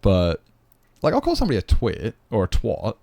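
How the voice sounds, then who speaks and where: A man's voice: on the low side, wildly swooping pitch, normal speed, gravelly, warm tone, dry recording. An Australian man chatting bluntly and swearing to viewers during a casual live stream. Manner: blunt and sweary, rambling, chats to viewers while gaming.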